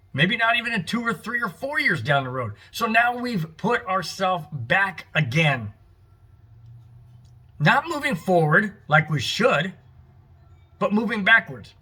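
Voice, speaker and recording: A man's voice: fairly high pitch, bright, forceful tone, slightly rough. A middle-aged man hosting a fan show, delivering an angry, frustrated, emphatic sports rant. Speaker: fan podcast host.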